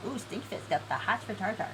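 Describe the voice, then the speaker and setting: Woman streamer, teasing and giggly, unhurried; desk mic, noisy home recording. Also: mid-range voice. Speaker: streamer running a game event. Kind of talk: casual live-stream chat, reading game text aloud.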